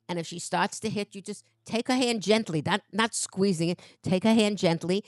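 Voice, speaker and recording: A woman's voice: medium pitch, normal speed, few pauses, no echo, clean studio sound. Elderly woman giving patient motherly advice. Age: 90s. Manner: motherly, patient, gently instructive. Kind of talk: casual advice chat.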